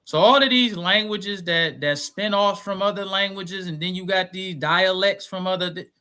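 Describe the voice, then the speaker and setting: A man's voice: sits high, moderate pace, bright, forceful tone. A man debating over a live stream, insisting on his points and repeating them through interruptions.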